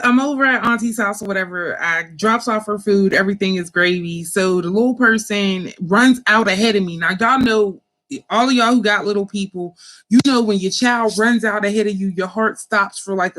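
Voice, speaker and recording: A woman hosting an online talk, telling a family story in a casual, animated, profane way with slangy speech and frequent laughter. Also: mid-range voice. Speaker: host.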